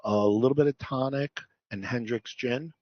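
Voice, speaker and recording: A male restaurant owner calmly explaining his dishes and drinks in a casual interview. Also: mid-range voice, moderate pace, dry recording, muffled recording. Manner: easygoing, explains dishes plainly.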